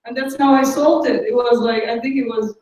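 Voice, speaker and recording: A woman telling a lively personal story at a talk, laughing often and acting out the voices of others. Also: fairly high pitch, fairly quick. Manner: animated, laughing often, acts out quoted voices. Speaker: speaker. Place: office event space. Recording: echoey room, far from mic.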